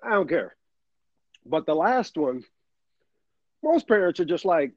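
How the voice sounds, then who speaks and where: A man's voice: a little high, very animated, measured pace, long pauses, dry recording, dull audio. A man in casual chat, laid-back and joking.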